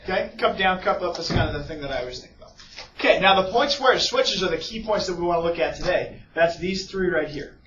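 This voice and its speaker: A man teaching a class in a casual, chatty way, his voice a little higher than most men's. He is recorded from across an echoing room on a dull, muffled recording. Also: expressive, fast talker, a bit bright, recorded from a distance, slight background noise. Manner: casual, keeps checking in with "okay?" and "right?". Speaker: math teacher. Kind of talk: classroom lecture.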